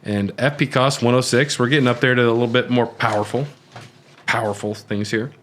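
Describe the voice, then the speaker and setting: A man's voice: medium pitch, brisk, slight background noise. A man co-hosting a casual gaming podcast, reading item descriptions and then riffing loosely, with the odd curse. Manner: relaxed, reads item text then riffs with swearing. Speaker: podcast co-host.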